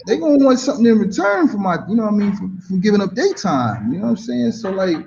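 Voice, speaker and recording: Man, casual storyteller, slangy, animated, mellow dark voice, muffled lo-fi audio. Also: sits high, fast talker, creaky, a little hiss or hum. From United States. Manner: animated, slangy, says "you know what I mean" often. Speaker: guest.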